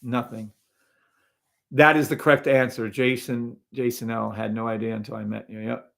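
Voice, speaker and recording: A man's voice: medium pitch, flat delivery, normal speed, creaky, a bit bright. A man hosting a live trading stream, talking casually over charts and greeting viewers in the chat, often sounding incredulous.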